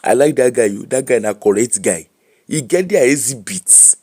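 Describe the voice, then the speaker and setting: This host's voice is medium-pitched and slightly rough, with a moderate pace. A middle-aged man with a Nigerian Pidgin English accent, he leads a casual live-stream chat, laughing and animated as he mixes the two languages.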